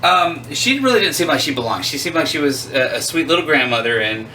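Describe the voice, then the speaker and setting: Poor audio with a faint hiss or hum and a distant mic captures a fairly high-pitched, sharp-toned man speaking fairly quickly with lively intonation. In his forties, he hosts a casual chat in a home room of arcade cabinets, rambling with enthusiasm about his collection and adding self-deprecating asides.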